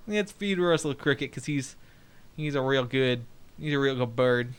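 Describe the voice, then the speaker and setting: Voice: medium pitch, normal speed, a bit bright, smooth. A let's play host giving casual gameplay commentary, reading game text aloud with joking asides, chatting to viewers, swearing and laughing now and then.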